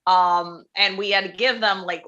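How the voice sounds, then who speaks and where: A woman's voice: mid-range voice, fairly even intonation, normal speed, sharp tone, dull audio. A woman chatting casually on a video call, telling a story from her childhood. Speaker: improv participant. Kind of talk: casual chat.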